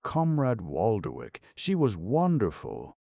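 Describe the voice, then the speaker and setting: A man voicing a suave, unflappable young gentleman who talks in a florid, mock-formal way. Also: lowish voice, wildly swooping pitch, unhurried, creaky, dry recording, pitched above the performer's own voice, exaggerated voice. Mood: mock-solemn.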